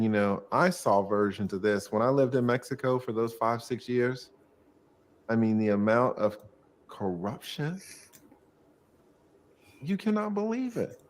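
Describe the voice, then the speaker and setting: A middle-aged man, a former lawyer, casually telling a profane, animated story from his law practice. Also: mid-range voice.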